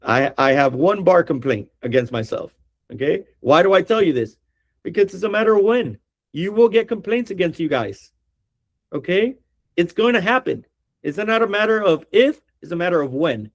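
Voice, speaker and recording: A man's voice: sits high, animated, normal speed. A middle-aged man, an attorney, teaching a training class for real estate agents in a direct way, often checking in with the class.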